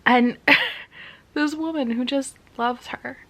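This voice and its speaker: A woman's voice: sits high, slow pace, fairly bright tone. A woman talking casually about a romance novel she loves, with lots of fillers and whispered asides. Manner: gushing, filler-heavy, drops into whispers. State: tearful. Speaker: book reviewer. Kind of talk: casual book review vlog.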